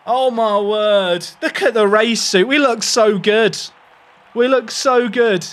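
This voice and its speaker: High-pitched excitable male game streamer. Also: slow pace. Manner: excitable, exclamatory, repeats phrases. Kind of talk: live gameplay commentary.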